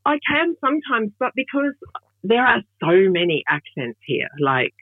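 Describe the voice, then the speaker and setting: A woman comedian from Australia chatting in an interview, lively and quick to laugh, voicing the people in her stories. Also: fairly high pitch, dry recording. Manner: lively, bursts into laughs and voices others. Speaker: comedian guest. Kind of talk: casual interview chat. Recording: dry, phone-like remote line.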